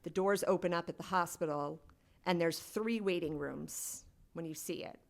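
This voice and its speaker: A woman's voice: on the low side, moderate pace, vocal fry. A woman guest on a podcast, telling a personal story in a candid, conversational way with lots of "like.". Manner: candid and conversational, heavy use of "like".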